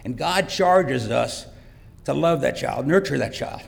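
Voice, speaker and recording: A man's voice: mid-range voice, expressive, unhurried, vocal fry. A middle-aged man giving a heartfelt, emotional personal testimony in a church. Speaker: church guest speaker, father. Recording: long church reverb.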